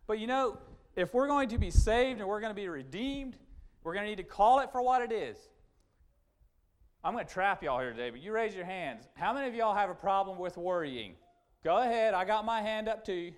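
Emphatic high-voiced preacher man. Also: expressive, normal speed. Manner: emphatic, repetitive restarts, rising and falling sharply. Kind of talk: sermon.

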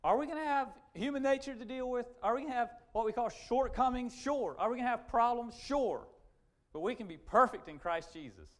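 A man preaching a sermon, emphatic and repetitive, swinging from loud urgent points to quiet asides. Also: extremely high pitch, animated, a little fast. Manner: emphatic, repetitive restarts, rising and falling sharply.

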